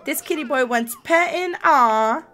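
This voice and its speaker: A woman's voice: high voice, animated, unhurried, fairly bright tone. Bubbly, giggly young woman streamer. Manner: bubbly, giggly, talks to chat. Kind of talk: casual gameplay commentary.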